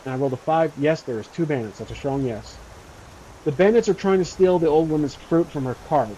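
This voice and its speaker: A man's voice: on the high side, fairly quick, mellow, lo-fi sound, a little hiss or hum. A man narrating his solo tabletop role-playing game in a casual, rambling way with many fillers.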